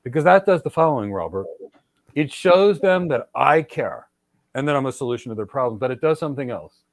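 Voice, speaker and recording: A man's voice: medium pitch, animated, a little fast, no echo. Middle-aged guy hosting, punchy and repetitive, talks right at you, dry close sound. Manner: emphatic, repetitive, lecturing with direct address. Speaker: podcast host and cloud architecture mentor. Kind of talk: energetic advice talk.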